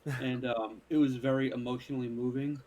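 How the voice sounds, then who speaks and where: A man's voice: medium pitch, little pitch movement, a little fast, warm tone, dull audio, a little hiss or hum. A man who is a guest on a casual chat, steadily going through a list of recommendations.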